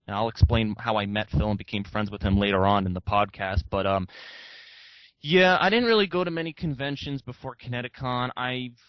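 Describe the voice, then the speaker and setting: A man's voice: mid-range voice, no echo, dull audio. A young man talking as a podcast guest, rambling and frank, swearing casually. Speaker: guest YouTuber.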